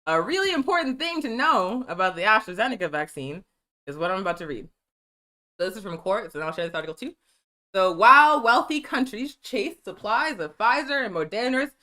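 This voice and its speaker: A woman's voice: mid-range voice, pushed and bright. A woman hosting a political news show, reading articles aloud and then ranting angrily with heavy profanity.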